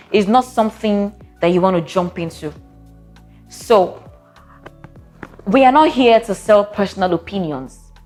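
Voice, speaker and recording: Woman therapist, vlog advice, sassy and direct, mid pitch, faint music underneath.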